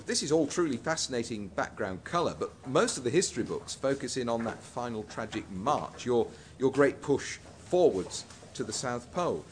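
A man's voice: medium pitch, lively intonation, moderate pace, hardly any pauses, slight background noise, close to an everyday voice. A man playing a politely impatient history interviewer who keeps pressing for details. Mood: probing. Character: dry, persistent male history interviewer.

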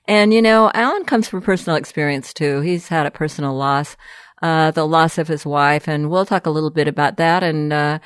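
A woman's voice: low voice, moderate pace, clear, resonant tone, no echo. An older woman hosting a radio talk show in a studio, upbeat and enthusiastic.

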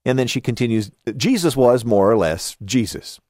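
Southern California man with lively pitch. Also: normal speed, no room sound, studio quality. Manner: conversational, reads listener comments aloud with asides. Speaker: podcast host. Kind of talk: casual book review talk.

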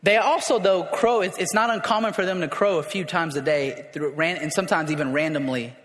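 Brief: male preacher, high voice, chatty sermon delivery with emphatic swells, long hall echo. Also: fairly quick, fairly bright tone. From raised in a city.

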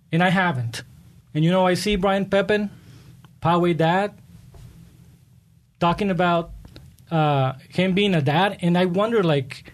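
A man's voice: sits high, a little slow, long pauses. A man running for local office, telling stories earnestly with frequent restarts in an interview. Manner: earnest, animated storytelling with many restarts. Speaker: political candidate. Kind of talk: conversational interview answers.

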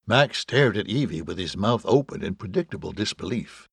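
A man narrating an audiobook with wry, deadpan storytelling and a gravelly, husky voice. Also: on the low side, moderate pace, no echo. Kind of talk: scripted narration.

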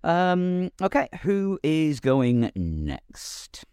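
A man hosting a relaxed podcast conversation. His pitch moves a lot as he talks, and he stops and restarts his sentences often. The sound is dry and close. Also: smooth, no room sound. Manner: halting, with frequent ums and restarts. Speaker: podcast host. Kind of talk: casual chat.

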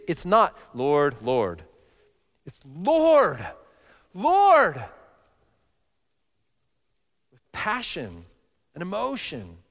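Emphatic preacher in an echoing hall. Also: male voice, on the high side. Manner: emphatic, swings from loud passion to quiet. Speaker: pastor. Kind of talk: sermon. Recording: long reverb of a large hall.

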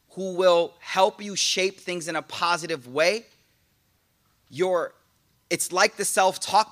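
Guy giving a casual pep talk to a crowd, high bright voice, jokey, acts out stories. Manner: animated storytelling with jokes and quoted voices. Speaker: speaker giving a talk to an audience.

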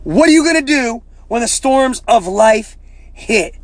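A man hosting a motivational podcast as a life coach, talking in an emphatic, preacher-like way, often saying "man" and rising to near-shouting at the peaks. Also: very high voice, animated, unhurried, no room sound.

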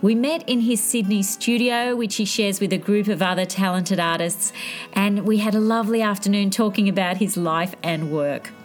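A woman's voice: medium pitch, normal speed, faint music behind. Woman reading a podcast intro. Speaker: podcast host. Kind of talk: scripted introduction.

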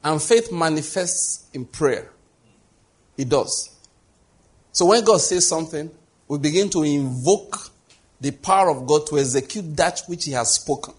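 Husky-voiced man preaching a sermon. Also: a little high, measured pace, long pauses. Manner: conversational preaching, rhetorical questions. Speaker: pastor.

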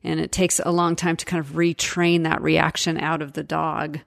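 Low-voiced woman host asking questions. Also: little pitch movement, moderate pace, vocal fry. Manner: conversational, asks rambling questions. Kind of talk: casual interview chat.

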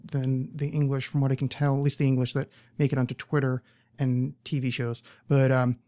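A man's voice: medium pitch, darkish tone. An American man hosting a podcast, talking in a rambling, casual monologue full of fillers, restarts and swearing. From United States. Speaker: podcast host.

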